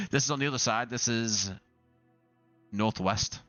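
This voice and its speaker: A man's voice: mid-range voice, a bit bright, no room sound. A man streaming a flight simulator and chatting casually as he tours airports, rambling and correcting himself as he goes. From not Australian. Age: adult father. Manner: rambling, self-correcting, with frequent restarts and fillers. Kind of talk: casual live-stream commentary.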